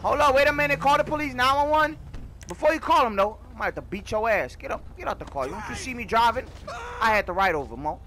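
A man giving loud, animated, slang-filled commentary while playing a video game, swearing often. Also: very high-pitched, fast, slight background noise. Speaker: gaming YouTuber. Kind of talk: casual gameplay commentary.

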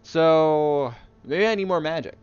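A man's voice: on the high side, measured pace, lo-fi sound, noisy background. A man giving casual, jokey commentary while playing a video game, often talking to the enemies. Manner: excitable, jokey, talks to the enemies. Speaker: gaming video host. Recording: loud game music behind.

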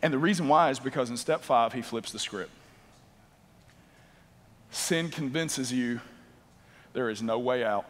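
A man preaching a sermon as a pastor, swinging from loud emphatic bursts to low quiet passages and repeating words as he builds a point. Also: a little slow, pauses often. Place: church auditorium. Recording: long hall reverb.

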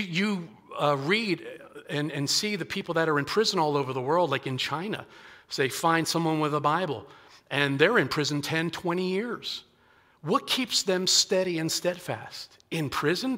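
A man's voice: a little high, sharp tone, long reverb tail. A male pastor preaching a sermon in a conversational way, restarting phrases and acting out quotes from scripture. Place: church sanctuary.

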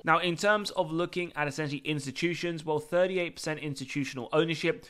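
A man hosting a stock analysis channel, talking through the figures in a steady, methodical way with formal phrasing, recorded as a close voice-over. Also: a little high, smooth.

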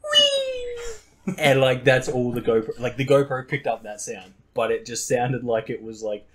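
A man's voice: medium pitch, little pitch movement, moderate pace. A young man hosting a podcast in casual chat, rambling and laughing at his own stories. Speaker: podcast host.

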